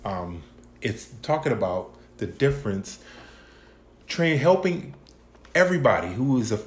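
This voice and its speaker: Man, podcast co-host; easygoing, lively melody; roomy recording. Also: medium pitch, a little slow. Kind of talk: casual chat.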